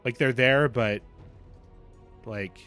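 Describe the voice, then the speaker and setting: A man's voice: medium pitch, slow pace, fairly bright tone, soft background music. Man narrating a tabletop game. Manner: loose, filler-heavy narration. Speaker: game master.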